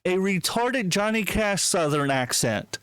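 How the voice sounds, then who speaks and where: A man hosting a casual podcast chat, talking in a profane, incredulous and excitable way. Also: high voice, a little slow, clean tone, no room sound. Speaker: podcast host.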